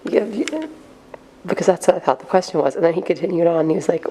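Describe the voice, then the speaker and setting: A woman's voice: lowish voice, steady tone, fast talker, warm tone, poor audio. Chatty young woman vlogging on campus. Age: young adult. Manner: chatty, self-deprecating, rambling. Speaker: student vlogger. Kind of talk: casual vlog. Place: around a snowy campus and her kitchen.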